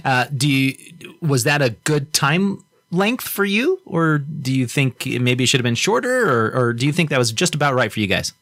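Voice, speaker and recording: A man's voice: medium pitch, lively intonation, moderate pace, hardly any pauses, a bit bright, no room sound, clean studio sound. A man from Idaho hosting a casual interview podcast, asking questions and giving frequent short acknowledgements. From Idaho, United States. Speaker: podcast host.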